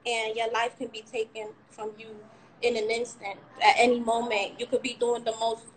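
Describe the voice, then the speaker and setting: A woman's voice: on the high side, little pitch movement, moderate pace, slight background noise, poor audio. A young woman telling a candid, rambling personal account of a frightening ordeal on a livestream, cursing now and then. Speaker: shooting survivor sharing her story.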